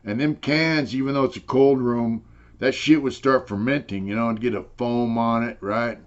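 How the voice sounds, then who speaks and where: Older male interviewee, mid-pitched, loose and profane storyteller, slightly dull lo-fi audio. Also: steady tone, normal speed. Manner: rambling, profane, full of "you know". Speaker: interviewee telling prison stories. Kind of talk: casual storytelling.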